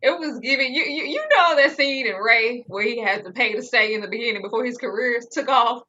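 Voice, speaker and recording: A woman's voice: a little high, fairly quick, bright, forceful tone. A woman co-hosting a casual reality TV recap, dramatic and theatrical, laughing through her reactions. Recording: dull lo-fi sound.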